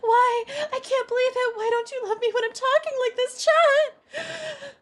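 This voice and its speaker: A woman voicing a clingy, unhinged young yandere woman in a shrill, pleading, possessive voice. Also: steady tone, measured pace. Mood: whiny, unhinged.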